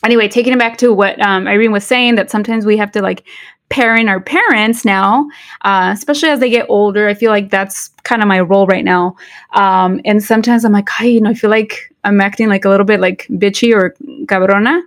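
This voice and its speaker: A woman's voice: medium pitch, fairly even intonation, fairly quick, no room sound, studio quality. A woman, co-hosting a podcast in casual chat, switching between English and Spanish with lots of fillers and restarts. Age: 40s. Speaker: podcast co-host.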